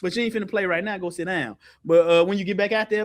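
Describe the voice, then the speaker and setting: A man teaching Bible study in an animated, colloquial way, speaking on a video call. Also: fast. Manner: lively, colloquial, jumps high in pitch for emphasis, laughs often.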